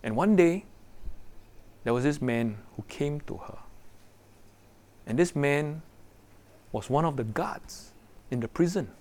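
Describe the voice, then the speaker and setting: A man preaches to a room of young people, his voice sitting a little high. He swings between hushed and loud, firing off rhetorical questions and acting out the people in his stories. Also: slow, pauses often. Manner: animated, rhetorical questions, acts out quoted voices. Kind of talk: sermon.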